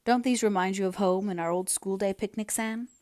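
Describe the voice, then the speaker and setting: A woman voicing an earnest young man in love, speaking quietly and steadily. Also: high-pitched, steady tone, fairly quick, dry recording, clean studio sound, lightly acted. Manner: quiet, earnest, then bitter.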